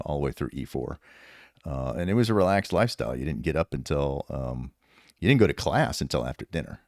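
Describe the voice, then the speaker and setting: Guesting on a podcast, a man in his fifties who retired as a sergeant major swaps stories in a lively, profane way, laughing a lot. His voice is very deep, and the studio sound is clean with no room sound.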